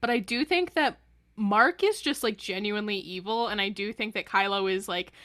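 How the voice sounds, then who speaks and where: A young woman co-hosting a podcast in casual chat, animated with quick asides. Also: medium pitch, dry recording, studio quality. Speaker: podcast co-host.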